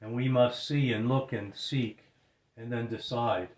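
An earnest male preacher delivers a sermon at a measured pace, his voice sitting in a middle register. He drops to a hush when he quotes scripture. The sound is roomy, with a clear echo around him. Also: medium pitch, steady tone. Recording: roomy echoing hall.

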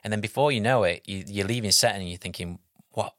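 A man, co-hosting a casual chat, reflective and quick to agree. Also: lowish voice, a bit bright, no room sound, studio quality. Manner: reflective, agreeable, many backchannels. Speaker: podcast co-host.

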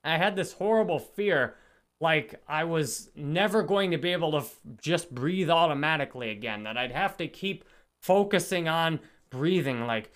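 Smooth-voiced man chatting about a book. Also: a little high, animated, normal speed, a bit bright. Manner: earnest, reflective, greets chat viewers. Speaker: livestream host. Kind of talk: casual book discussion.

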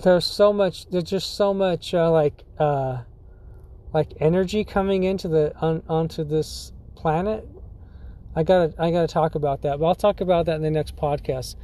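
High, mellow-voiced man, rambling laid-back podcast host, cusses a lot. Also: moderate pace. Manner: rambling, full of likes, dudes and swearing; laughs often. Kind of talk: casual storytelling.

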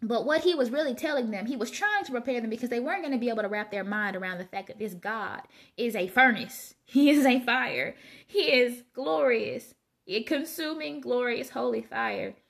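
A woman's voice: a little high, animated, moderate pace, gravelly. A woman reading Bible passages aloud and reflecting on them in a casual, conversational way. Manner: conversational, reads scripture aloud then muses informally. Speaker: Bible study vlogger.

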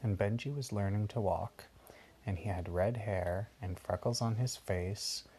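A man's voice: on the low side, measured pace, darkish tone, a little hiss or hum. A man patiently improvising a bedtime story for a child and explaining things along the way. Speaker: parent telling a bedtime story.

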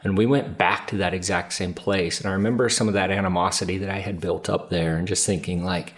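A man with a very deep voice co-hosts a podcast. He speaks earnestly and at a measured pace, sometimes repeating words as he gathers his thoughts. He sounds like a father in his thirties reflecting on family. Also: steady tone. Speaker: podcast co-host, adoptive father. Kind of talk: reflective conversation.

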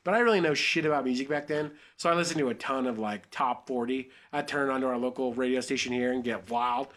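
A man's voice: medium pitch, fast talker, fairly bright tone. A young man hosting a podcast, reading a story aloud and joking crudely along the way. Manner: crude, joking, riffs off the script.

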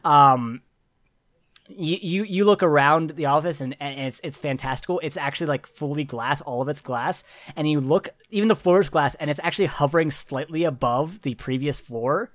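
Rambling young game master, dry sound. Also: male voice, fairly high pitch, normal speed, no room sound. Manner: rambling, laughing, many restarts. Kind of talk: narrating a tabletop game.

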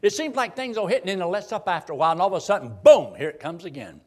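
A man preaching a sermon in a dramatic, folksy style, firing off rhetorical questions. His voice runs high and swings widely, rising and falling for effect. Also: lively intonation, very fast.

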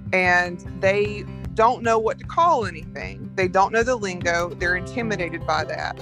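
A woman with a Southern American accent, a coffee entrepreneur talking frankly and telling animated stories as a podcast guest. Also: lowish voice. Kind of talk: casual podcast conversation.

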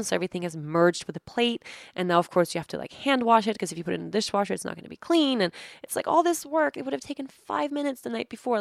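Woman, thirties, podcast host, chatty exasperated storytelling, gravelly fry, dry close sound. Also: medium pitch, no echo. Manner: chatty and exasperated, with frequent fillers. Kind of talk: casual storytelling monologue.

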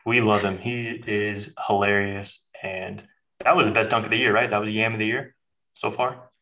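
A man's voice: lowish voice, little pitch movement, normal speed, sharp tone, rough recording. A man co-hosting a podcast, chatting casually about sports in a laid-back, loose way. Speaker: podcast co-host.

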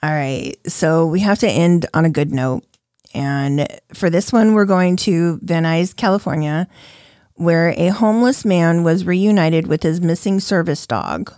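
Low-voiced woman telling stories with laughs. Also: a little slow, darkish tone, no room sound, studio quality. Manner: laughing, profane, acts out quotes. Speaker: podcast host. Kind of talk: casual storytelling chat.

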